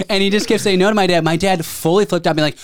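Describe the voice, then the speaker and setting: A man in casual podcast chat, lively and quick to laugh as he tells his own story. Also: high voice, dry recording. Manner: lively, reactive, laughs easily.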